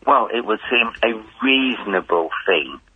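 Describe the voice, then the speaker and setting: A male caller on a radio phone-in talks in slow, measured, insistent phrases with halting pauses. His voice is low and husky and comes through a muffled, dry phone line. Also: expressive, no echo. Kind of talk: phone-in call.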